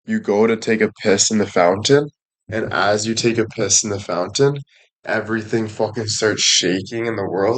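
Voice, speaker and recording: A man's voice: on the low side, fairly even intonation, normal speed. A young man chatting casually to his audience, rambling and making crude jokes.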